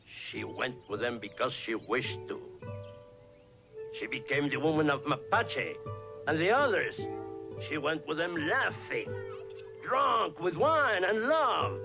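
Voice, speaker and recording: An actor playing a sorrowful old village elder, speaking slowly and gravely in an old film. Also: male voice, a little high, big pitch swings, highs cut off, music in the background, exaggerated voice. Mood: somber. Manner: slow, grave, measured. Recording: film soundtrack with loud score.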